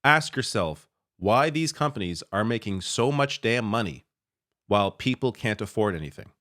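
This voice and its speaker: A man's voice: lowish voice, expressive, normal speed, a bit bright. A man commenting on news clips, sarcastic and exasperated, often laughing in disbelief. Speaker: political commentator.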